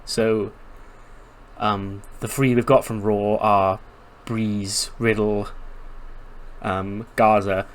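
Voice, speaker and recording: A man's voice: fairly low pitch, level tone, drawn-out words. A man casually narrating his game playthrough, chatty and storytelling with lots of fillers. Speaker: game streamer.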